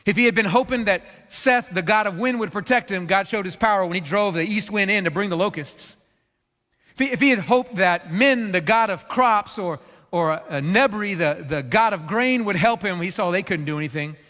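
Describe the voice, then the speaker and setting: A male pastor preaching a sermon, animated, at times dropping to a hushed voice. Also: high voice, normal speed, in a large hall. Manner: animated preaching, drops to a hushed voice for quoted regrets. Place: church.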